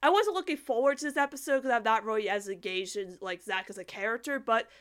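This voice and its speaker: A woman's voice: on the high side, fast, a bit bright. A young woman co-hosting a casual podcast chat, giggling often and rambling with lots of fillers. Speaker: podcast co-host. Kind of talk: casual chat reviewing a cartoon episode.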